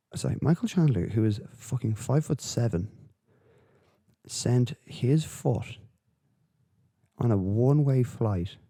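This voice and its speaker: A man hosts a solo podcast of casual commentary, rambling and swearing with lots of fillers. His voice is medium-pitched and warm.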